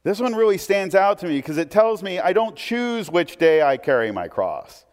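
A man's voice: high voice, sing-song, moderate pace. A man preaching a sermon in a conversational way, with asides and restarts. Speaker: pastor. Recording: long hall reverb.

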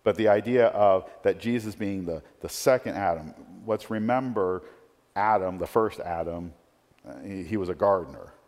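Lowish-voiced guy preaching, chatty and loose, keeps saying right?, long echo like a big church hall. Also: normal speed, darkish tone. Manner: conversational, tag questions, frequent restarts. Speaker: pastor. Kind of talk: sermon.

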